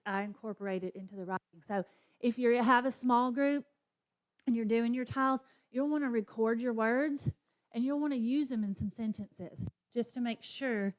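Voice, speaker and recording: A woman's voice: fairly high pitch, darkish tone. A woman teacher demonstrating a phonics lesson for other teachers, sounding out letters and modeling classroom chants. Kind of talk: professional development demonstration for teachers.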